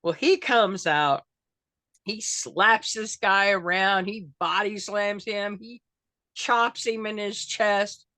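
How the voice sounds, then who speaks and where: This guest, a wrestling fan character, is an older Arkansas woman whose medium-pitched voice moves slowly with a sharp tone. The studio-quality recording has no room sound. In a casual storytelling interview she's folksy and chatty, laughs a lot, and performs the quotes she recounts.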